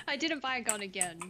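A woman's voice: fairly high pitch, bright, forceful tone. A woman playing a game with a streamer, teasing and swearing in casual chat. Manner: teasing and profane. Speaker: gaming teammate.

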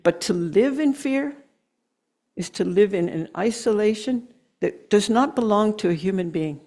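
A middle-aged woman giving an earnest, emotional sermon, slowing down to press her points and laughing at herself now and then. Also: mid-range voice, animated, darkish tone. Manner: earnest, emotional, with slow emphatic stretches and laughs. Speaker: guest speaker.

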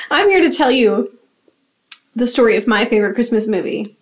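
A woman's voice: a little high, animated, normal speed, pauses often. Giggly tipsy woman retelling a movie. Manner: giggly, rambling. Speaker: storyteller. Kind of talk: drunken comic movie retelling.

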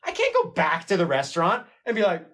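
A man's voice: sits high, huge pitch swings, fairly quick, fairly bright tone. A man hosting a live painting stream, chatting casually with viewers in a rambling, self-mocking way and laughing often. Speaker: livestream painting host.

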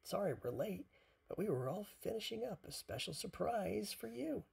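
A parent voicing an excitable, playful little duck in a bedtime storybook reading, with a high, chirpy voice. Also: moderate pace, vocal fry, husky, heavily acted.

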